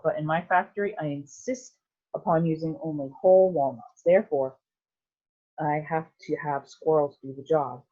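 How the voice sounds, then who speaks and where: A woman voicing an eccentric, excitable male candy maker who talks briskly and bossily. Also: low-pitched, lo-fi sound. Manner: brisk, bossy, theatrical.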